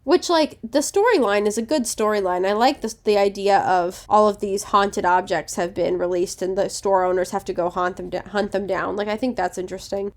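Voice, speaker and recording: A woman co-hosting a casual podcast, talking in a relaxed, confident way. Her pitch sits in the middle, and her sentences often trail off softly. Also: fairly quick, few pauses. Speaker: podcast co-host. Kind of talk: casual chat.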